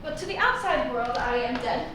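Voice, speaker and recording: A woman's voice: high-pitched, expressive, normal speed. A woman playing a mysterious sister who claims to be dead, speaking in riddles. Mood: cryptic. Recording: echoey room, distant mic, noisy.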